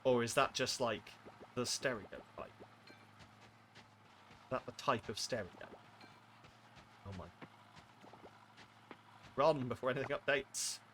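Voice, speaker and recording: A man's voice: medium pitch, slow, long pauses, a bit bright, a little hiss or hum. A man streaming a game with casual, rambling commentary, self-mocking and full of asides.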